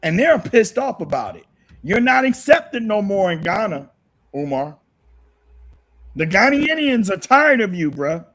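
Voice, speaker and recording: Husky guy going off on a livestream call, pretty high voice, keeps repeating himself. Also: big pitch swings, measured pace, fairly bright tone. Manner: heated, repetitive, emphatic. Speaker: guest. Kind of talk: impassioned livestream callout.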